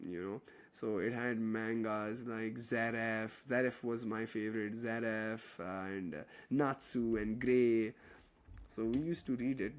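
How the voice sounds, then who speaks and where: Chatty young tutor. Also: male voice, mid-range voice, a little mellow. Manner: chatty, joking, reads out chat questions. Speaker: chemistry tutor. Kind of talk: casual online class with student Q&A. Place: online class.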